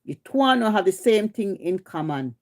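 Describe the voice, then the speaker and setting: Jamaican woman, middle-aged, livestream rant host, scolding and confrontational, mid-pitched voice. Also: animated, moderate pace, darkish tone. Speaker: live stream host.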